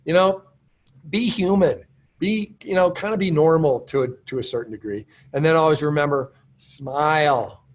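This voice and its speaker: A man leads a motivational training session in a loose, conversational way. His voice sits a little high for a man, and he keeps cheering his listeners on. He pokes fun at himself to put them at ease. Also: moderate pace. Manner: encouraging, chatty, self-deprecating. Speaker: business trainer.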